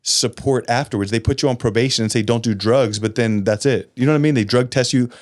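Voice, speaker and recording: A man hosting a podcast in casual chat, relaxed and agreeable with his guest. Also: medium pitch, fast talker. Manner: relaxed, agreeable, says "dude" and "bro". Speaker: podcast host.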